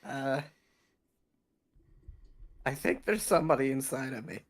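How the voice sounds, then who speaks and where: Slow, gravelly-voiced man stammering. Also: mid-range voice. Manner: halting and stammering. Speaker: player. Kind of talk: playing a tabletop game.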